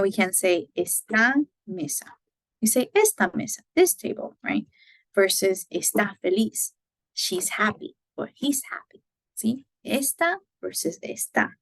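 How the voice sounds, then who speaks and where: Gravelly-voiced woman teaching a language lesson. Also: medium pitch, no room sound. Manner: explains patiently, often checks in with "right?"; switches between English and Spanish examples. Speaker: Spanish teacher. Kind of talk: recorded classroom lecture.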